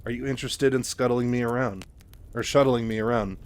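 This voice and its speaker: A man's voice: medium pitch, steady tone, a little fast, close to an everyday voice. A man doing a nonchalant sly reporter. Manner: offhand, casual phrasing. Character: nonchalant male war reporter, sly smoker.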